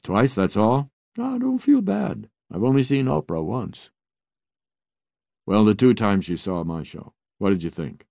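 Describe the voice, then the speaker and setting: A man's voice: fairly low pitch, sing-song, a little slow, gravelly, dark tone, dry recording, full character voice. A man voicing a famous middle-aged male TV host who speaks cautiously, with dry humor.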